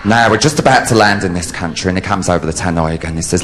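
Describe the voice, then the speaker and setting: A man in drag, telling bawdy stand-up jokes on a theatre stage with brash, lively delivery. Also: low-pitched, quick pace. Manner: brash, lively storytelling with sudden loud outbursts. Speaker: drag comedian. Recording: live theatre audience, faint hiss.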